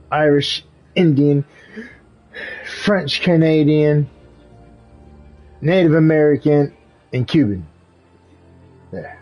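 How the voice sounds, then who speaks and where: A man's voice: fairly high pitch, poor audio. Young male streamer, casual storyteller, laughs and swears, light game music behind. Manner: animated storytelling, laughs often, swears, says "bro". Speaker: gaming streamer. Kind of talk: casual live-stream chat while gaming.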